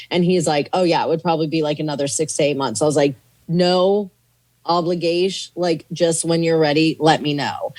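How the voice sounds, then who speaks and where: A woman with a low-pitched voice tells a story on a podcast in a loose, chatty way. She swears freely, fills her talk with "like," and acts out the people she quotes. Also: darkish tone. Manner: rambling, chatty with many "like" fillers. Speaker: comedian and actor, podcast guest.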